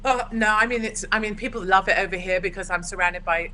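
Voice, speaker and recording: Forthright English woman, bright tone. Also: medium pitch, slight background noise, low-quality recording. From United Kingdom. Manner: forthright, brisk and opinionated. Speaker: guest. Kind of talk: casual video-call chat.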